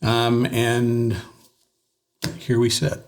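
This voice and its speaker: A man's voice: medium pitch, extremely slow. Chatty American man telling stories. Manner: animated storyteller, many fillers and restarts. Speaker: voice-over artist and composer. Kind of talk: casual interview chat.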